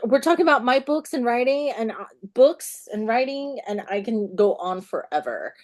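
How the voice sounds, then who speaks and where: A woman author chatting as an interview guest, telling stories in an animated way and laughing often. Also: on the high side, moderate pace. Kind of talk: casual interview chat.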